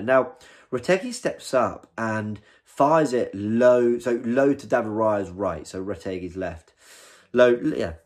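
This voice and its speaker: A man with a slightly low voice talks through a football match in a relaxed, candid way. He often restarts his sentences mid-thought and gets excited when he praises a save. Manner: chatty, candid, with frequent restarts. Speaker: football fan channel host. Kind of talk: casual post-match review to camera.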